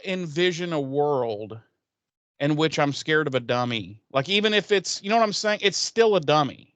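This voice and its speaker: A man's voice: a little high, normal speed, no room sound. A man co-hosting a podcast, retelling an episode in casual chat and acting out the characters' lines as he goes. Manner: animated storytelling, acts out characters' lines. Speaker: podcast co-host.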